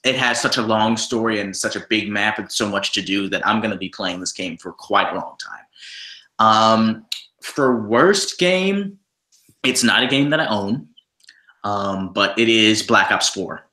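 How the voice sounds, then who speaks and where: Bright-voiced rambling man, echoey room. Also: on the low side, expressive, measured pace. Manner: rambling, repeats words, exasperated rants. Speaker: podcast co-host. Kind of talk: casual chat about video games.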